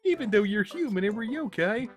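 Woman doing a squeaky little yokai companion. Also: animated, brisk, soft background music, lightly acted. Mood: encouraging. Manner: high squeaky put-on voice. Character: chirpy small yokai companion spirit.

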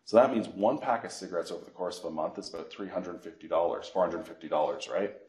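A middle-aged man from Canada, a financial educator giving a workshop, telling animated stories and acting out phone calls. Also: sits low, fast. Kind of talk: workshop presentation with anecdotes. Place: library meeting room. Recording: echoey room.

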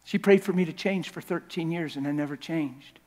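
A man's voice: fairly high pitch, moderate pace, darkish tone. A man preaching a sermon in a large church, telling his story in an impassioned, confessional way. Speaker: guest preacher. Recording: long church reverb.

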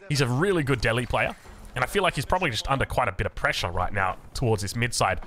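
Australian male game caster, bright and animated, chatty play-by-play. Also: a little high. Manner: chatty, self-mocking asides. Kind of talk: esports commentary.

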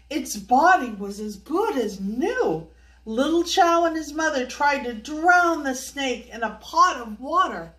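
A woman's voice: high voice, a bit bright. An older woman hosting a children's storybook read-aloud, playfully coaxing young listeners to join in. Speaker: storyteller host. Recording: echoey room, voice from far off.

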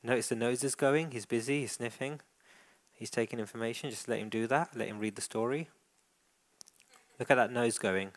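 A man giving a live dog-training demonstration, calmly narrating a dog's behaviour and encouraging the owner. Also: mid-range voice, normal speed, pauses often. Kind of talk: presentation with live coaching. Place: indoor event hall.

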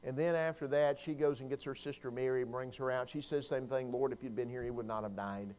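A man preaching a sermon in a church, telling a Bible story and swinging from quiet passages to loud cries, often repeating words as he starts a phrase. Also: mid-range voice, fairly even intonation, fast, clean tone.

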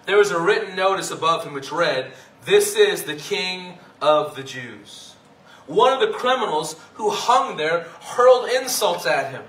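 A man preaching a sermon as pastor, reading scripture and then explaining it in an earnest, measured way. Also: sits high, animated, a bit bright. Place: church sanctuary. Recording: echoey church hall, mic at a distance.

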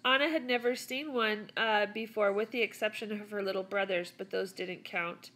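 A woman teaching Spanish who reads a class story aloud and retells it in English in a relaxed, chatty way with fillers. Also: mid-range voice, normal speed. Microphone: tablet recording.

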